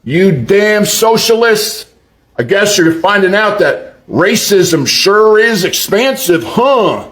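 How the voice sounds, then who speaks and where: A man giving mocking political commentary, drawn-out and profane. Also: high-pitched, sing-song, fairly bright tone, roomy sound.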